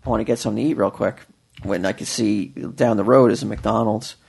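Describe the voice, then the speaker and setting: A man's voice: lowish voice, fairly even intonation, quick pace, gravelly, a little mellow, husky. A man telling a long story in casual chat, with many fillers and restarts. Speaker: podcast co-host telling a story.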